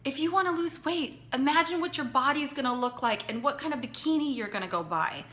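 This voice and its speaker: A woman's voice: high voice, expressive, fairly quick, sharp tone. A woman leading a direct sales team, speaking earnestly and conversationally as she motivates them, repeating points for emphasis.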